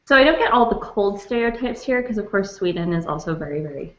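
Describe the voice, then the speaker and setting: A woman's voice: mid-range voice, expressive, quick pace, a bit bright, highs cut off. Canadian woman chatting in a roomy space. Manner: laughing, storytelling. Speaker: book club member. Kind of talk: casual chat.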